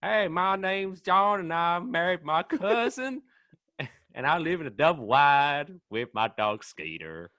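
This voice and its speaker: An Englishman putting on a mock rural American man, folksy and dim, in a slow exaggerated drawl. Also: a little high, lively intonation, pushed and bright, dry recording, voice pushed up.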